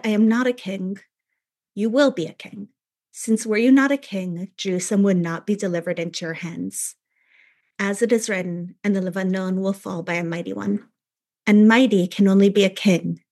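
A woman's voice: mid-range voice, a little mellow. A woman teaching a text study, reading quoted lines aloud and then explaining them with frequent "right?" asides.

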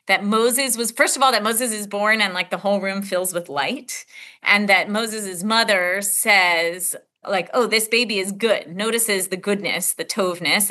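Middle-aged woman teacher leading a text class; bright, conversational, lots of fillers. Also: medium pitch. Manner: conversational, thinking aloud, many filler "like"s.

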